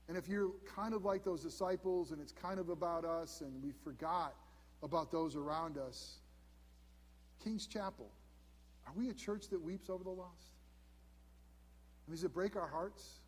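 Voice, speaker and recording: A man in his fifties preaching a sermon as pastor, earnest, dropping to hushed emphasis on key points. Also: high-pitched, slightly rough, in a large hall. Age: 50s. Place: church sanctuary.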